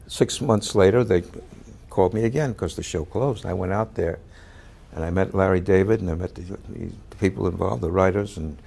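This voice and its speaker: An older man, an actor, telling a story about a past role in a halting way, full of fillers and restarts, now and then shouting out the lines he quotes. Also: sits low, vocal fry, breathy edge. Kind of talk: anecdotal storytelling.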